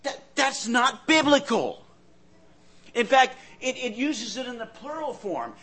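In a very high, very animated voice, a man preaches earnestly without hurrying. He often circles back over the same words while finding his next thought, and his volume keeps rising and falling.

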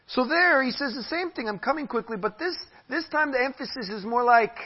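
Male preacher with a high, husky voice, emphatic sermon delivery, lo-fi church recording. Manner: animated, emphatic preaching with stretched slow phrases. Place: church hall. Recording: dull lo-fi church audio.

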